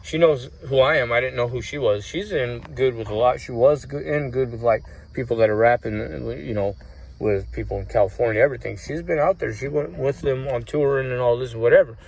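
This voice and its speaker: A man vlogs in a mid-range, darkish voice with vocal fry, talking briskly. He rambles through personal stories casually, swearing often and using plenty of fillers.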